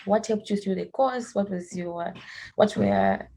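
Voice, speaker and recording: A woman with a gravelly, mellow voice hosting a casual question-and-answer session. She rambles and hunts for the right words as she asks her questions. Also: mid-range voice, huge pitch swings, measured pace, a little hiss or hum. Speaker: coordinator asking questions. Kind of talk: casual Q&A interviewing.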